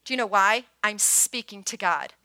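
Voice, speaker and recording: Bright-voiced woman pastor preaching. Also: medium pitch, lively intonation, moderate pace, no room sound. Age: 50s. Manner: earnest, swings from hushed prayer to bright emphatic bursts. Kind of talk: sermon.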